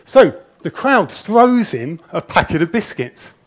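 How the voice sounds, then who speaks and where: A man in a slightly higher register than most men delivers a conference talk from an auditorium stage, speaking into a handheld mic. He sounds a little nervous, chatty and self-deprecating, and often restarts his sentences as he tells his stories. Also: sing-song, a little slow. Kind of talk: conference presentation, anecdotal storytelling.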